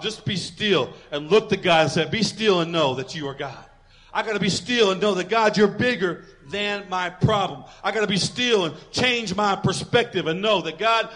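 A man preaching a sermon as pastor, building to emphatic declarations and dropping low to act out quoted voices. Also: fairly bright tone. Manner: acts out quoted voices, dropping to a near whisper.

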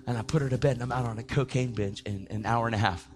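A man giving a testimony sermon in casual slang, acting out the voices he quotes and sometimes breaking into shouts. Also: medium pitch, fast, hardly any pauses, faint music behind. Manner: animated, acts out quoted voices, slips into shouts; casual slang, calls listeners dude. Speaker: preacher giving his testimony.

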